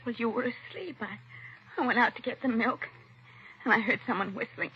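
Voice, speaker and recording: A woman's voice: fairly high pitch, fairly quick, slightly rough. An actress playing a frightened young woman in a 1940s radio drama, breathless and fearful. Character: frightened young woman, detective's wife, shaken. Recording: dull lo-fi 1940s radio recording.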